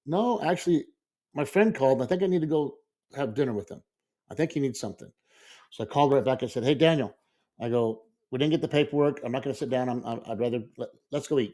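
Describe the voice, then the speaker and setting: Middle-aged man, co-host, casual storytelling, rambling, acts out quotes, average pitch. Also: dark tone. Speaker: podcast co-host.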